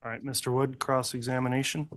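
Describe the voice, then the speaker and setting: A man's voice: mid-range voice, level tone, fast, no echo. A man presiding as a judge in a courtroom, giving brief, matter-of-fact rulings. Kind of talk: courtroom proceedings.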